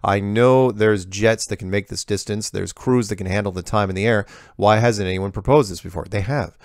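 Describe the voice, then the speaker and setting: A man's voice: fairly low pitch, normal speed, darkish tone, no echo, clean studio sound. A man hosting a show, reading viewer emails aloud and answering them in a casual, digressive way, often breaking off to comment.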